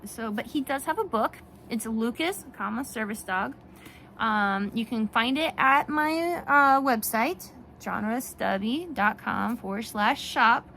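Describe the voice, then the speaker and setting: A woman talking casually in a vlog, animated and rambling, with frequent restarts and laughs. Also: fairly high pitch, measured pace, creaky, a little hiss or hum. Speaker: vlogger and children's book author. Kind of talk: casual talk to camera.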